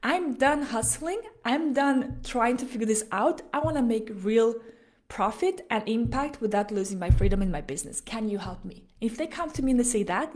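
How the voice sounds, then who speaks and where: A woman, hosting a solo coaching podcast in an energetic, persuasive way. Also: medium pitch. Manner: energetic, persuasive, talks straight to listener. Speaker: podcast host and business coach.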